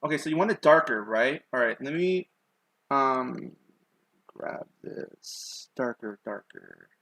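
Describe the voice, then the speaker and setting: A man's voice: mid-range voice, animated, slow, fairly bright tone, no room sound, low-quality recording. Young man, slithery lisp on his S's, rambling live-stream chat, dry close sound. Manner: rambling, many ums and likes, self-conscious.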